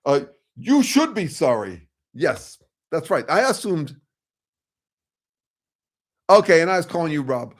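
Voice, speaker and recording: A man's voice: a little high, sing-song, measured pace, long pauses. An older man hosting a casual discussion, talking frankly and rambling, with restarts and some swearing. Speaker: host. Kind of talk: casual discussion on a video call.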